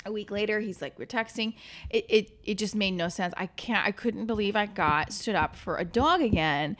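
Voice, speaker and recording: A woman's voice: medium pitch, moderate pace. Woman telling a story, acting out every voice. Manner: animated, acts out the voices of people in her story; swears casually. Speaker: comedian guest. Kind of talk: casual storytelling on a podcast.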